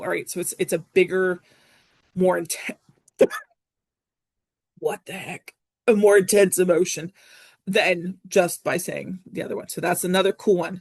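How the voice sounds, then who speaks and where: A woman's voice: on the low side, dry recording. Chatty woman teaching Latin, dry sound. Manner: chatty, self-correcting, frequent ums. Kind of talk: recorded classroom lesson.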